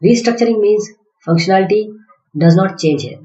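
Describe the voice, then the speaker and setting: A man lecturing from slides, halting often with fillers and restarts as he explains each point. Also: high voice, dark tone. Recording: dull, echoey classroom recording.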